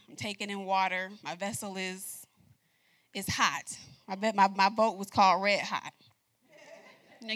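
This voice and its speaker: Bright, lively woman preaching. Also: on the high side. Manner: lively, laughs often, talks straight to the congregation. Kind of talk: sermon.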